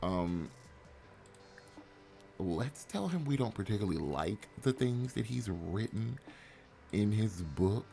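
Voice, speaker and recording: A man's voice: lowish voice, expressive, takes it slowly, gravelly, long pauses, warm tone, faint music behind. A man casually commentating his life-sim gameplay, rambling and joking with many fillers. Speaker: let's play host.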